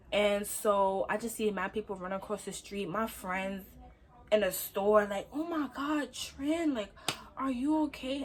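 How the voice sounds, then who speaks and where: A young woman tells a story into her phone at home. She is animated and slangy and talks straight to her viewers in an easy storytime chat. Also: mid-range voice, breathy edge. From Brooklyn, New York. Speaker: vlogger. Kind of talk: casual storytime.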